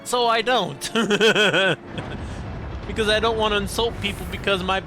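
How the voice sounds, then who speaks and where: Slow-talking joking male streamer. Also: high-pitched, fairly even intonation. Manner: joking, self-deprecating, chatty. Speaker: game streamer. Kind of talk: casual live-stream chat while playing. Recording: game music playing clearly behind.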